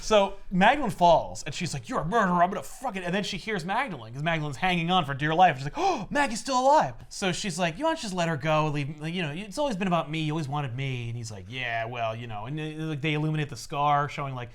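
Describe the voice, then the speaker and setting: A man's voice: fairly high pitch, animated, fast, hardly any pauses. A man casually recapping a comic story with friends, acting out the characters' lines as he goes. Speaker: podcast co-host recapping a comic. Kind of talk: casual chat.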